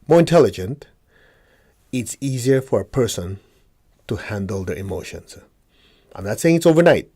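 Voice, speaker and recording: A man leads a meditation class in a mid-pitched voice. He explains step by step, asks the room questions and answers them himself, and acts out inner dialogue. His delivery is calm and teacherly. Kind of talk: spiritual teaching talk to a group.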